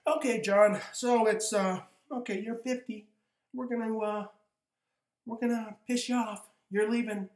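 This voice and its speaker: Blunt, brisk spirit guides speak as one, put on by a man. The voice is pitched clearly higher and pushed a little louder than his usual talk. It rings out in a room with a noticeable echo. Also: fairly even intonation. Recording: echoey room.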